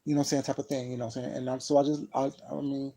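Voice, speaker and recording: Gravelly man telling a story, rambling. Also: mid-range voice, little pitch movement, very fast, dark tone, rough recording. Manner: rambling, emphatic, frequent fillers like "you know what I'm saying". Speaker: vlogger. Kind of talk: casual storytelling to camera.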